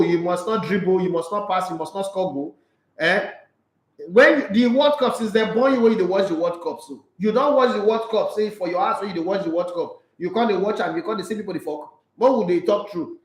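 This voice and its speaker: High-voiced Nigerian man, blunt and animated. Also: fairly quick, roomy sound, low-quality recording. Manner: animated, blunt, mixes in Pidgin. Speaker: sports show host reading viewer comments. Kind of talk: casual live-stream chat.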